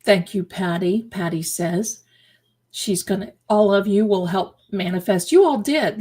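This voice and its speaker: A woman's voice: medium pitch, measured pace, a little mellow, slightly rough. A middle-aged woman hosting a livestream, chatting casually and emphatically with her viewers, repeating phrases for effect and calling them her darlings. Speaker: livestream host.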